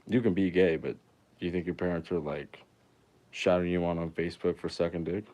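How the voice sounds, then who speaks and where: Young man, very low deep voice, rambling crude jokes, profane, casual livestream chat. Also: fairly even intonation, fairly quick, a little mellow. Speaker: musician streaming to viewers.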